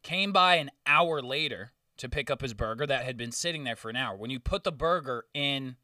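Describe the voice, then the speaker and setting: A young man tells rowdy, profane stories in a loose chat, acting out each person he quotes. His voice is bright and forceful. The sound is dry, with the mic set some way off. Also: mid-range voice, fairly quick, dry recording, recorded from a distance. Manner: profane, animated storytelling with acted-out quotes. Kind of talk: casual chat.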